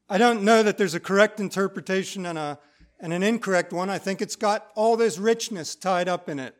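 A man with a notably high voice delivers a sermon to a congregation. He reads scripture passages in a measured way, then breaks them down in a relaxed, conversational teaching tone. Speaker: preacher. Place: church.

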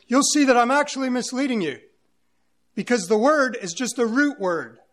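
A pastor with a high-pitched voice delivers an earnest sermon. He reads scripture aloud, then explains it with emphasis, now and then searching for a word. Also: a bit bright.

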